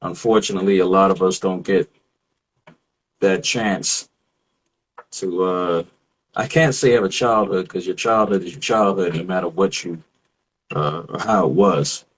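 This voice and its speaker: A man on a casual discussion show who talks in a reflective, measured way and searches for his words. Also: low voice, rough recording.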